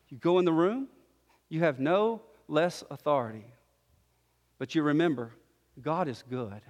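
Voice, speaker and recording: Male preacher, high voice, animated delivery, sermon in a hall with long reverb. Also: unhurried, pauses often. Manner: animated, acts out quoted voices.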